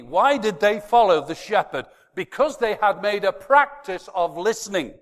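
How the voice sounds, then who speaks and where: A man preaching a sermon to a congregation, swinging from quiet, close talk to loud shouted emphasis. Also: high-pitched, very animated, normal speed, few pauses, in a large hall.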